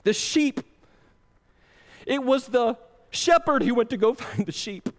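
A man preaching a sermon as pastor, passionate, swinging between loud pleading and hushed intensity. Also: very high voice, expressive, unhurried, in a large hall.

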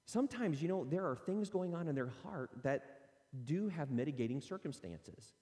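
Speaking to parents in an earnest, conversational teaching style, this middle-aged man acts out quotes from parents and kids. His voice sits on the high side with big pitch swings, a moderate pace and a mellow quality, all heard through long reverb.

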